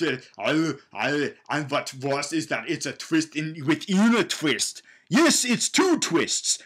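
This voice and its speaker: A young man with a high-pitched voice rambles through a comedic movie recap. He is sarcastic and profane, and he keeps restarting his sentences. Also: fairly bright tone, breathy edge. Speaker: movie reviewer.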